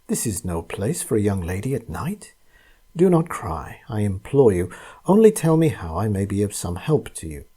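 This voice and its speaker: A man's voice: medium pitch, big pitch swings, moderate pace, mellow, breathy edge. A man voicing a kind old merchant who pleads earnestly in a storybook ghost tale. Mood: gentle.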